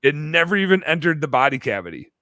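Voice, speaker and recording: A man telling a long story as a podcast guest, animated and full of fillers in casual chat. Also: fairly high pitch, fast talker, dry recording. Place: bar-themed podcast set.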